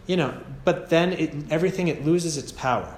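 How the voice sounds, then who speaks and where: A man with an American accent giving a gentle, casual meditation teaching at a retreat, often checking in with "yeah?". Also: fairly high pitch, brisk, slight background noise. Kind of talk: relaxed meditation talk. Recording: echoey room, faint ambience.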